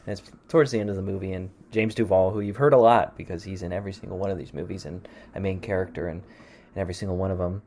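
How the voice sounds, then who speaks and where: A radio host wraps up his music show in casual, rambling talk, hedging constantly with "kind of" and "sort of." His low, darkish voice moves rapid-fire with fairly even intonation, over slight background noise.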